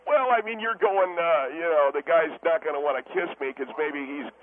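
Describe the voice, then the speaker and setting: A man's voice: fairly high pitch, moderate pace, close to an everyday voice. A man voicing a brash, defensive male steakhouse owner calling in, stammering and blustering through a tinny phone line. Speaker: caller. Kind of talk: talk radio comedy bit.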